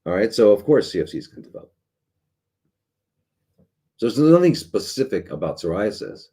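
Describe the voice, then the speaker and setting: A man's voice: on the low side, big pitch swings, normal speed, mellow, breathy edge. A middle-aged man, a doctor hosting a live show, talking casually in a sarcastic, rambling way with many restarts and fillers.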